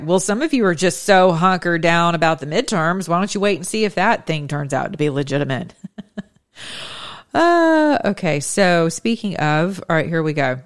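Low-voiced sarcastic woman host. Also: normal speed, clean tone. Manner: chatty, sarcastic, laughs at her own jokes. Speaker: commentary show host. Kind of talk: casual political commentary while scrolling news.

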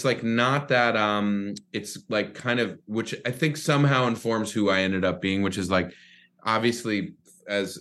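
Low-voiced man in playful banter. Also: fairly bright tone. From Rye, New York. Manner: playful, quick asides and name jokes. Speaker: podcast guest. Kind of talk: casual comedic chat.

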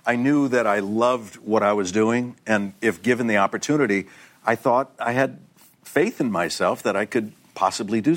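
Relaxed older male actor telling stories. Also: on the low side. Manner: relaxed storyteller, acts out voices in anecdotes. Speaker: actor guest. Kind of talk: anecdotal interview chat. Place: TV studio with live audience.

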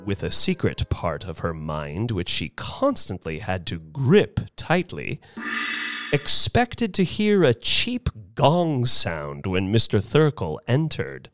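A man reading a short story aloud as its narrator, theatrical and richly expressive, voicing its people as he goes. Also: lowish voice, slow, soft background music. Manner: theatrical, with wide swings of expression. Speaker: narrator and performer. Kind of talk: dramatic audiobook narration.

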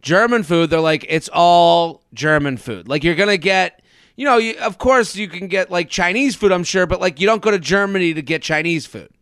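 Male comedy podcast host, high smooth voice, jokey and rambling. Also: a little fast, a bit bright, dry recording, clean studio sound. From United States. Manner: joking, rambling with restarts. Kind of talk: casual podcast chat.

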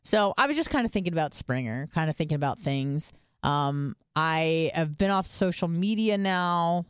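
A woman co-hosting a talk podcast, rambling through stories in relaxed, unfiltered chat with plenty of swearing. Her voice sits a little low for a woman, and the recording is close and dry. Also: moderate pace, smooth, no room sound. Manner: chatty storytelling, swears freely. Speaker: podcast co-host. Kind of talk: casual chat.

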